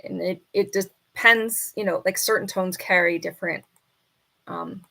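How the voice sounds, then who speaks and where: A woman on a casual live stream, reading quiz questions aloud and arguing with the answers, and now and then talking softly to her bird. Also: lowish voice, fairly even intonation, measured pace, gravelly. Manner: chatty, reads questions then argues with the answers. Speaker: falconer streamer.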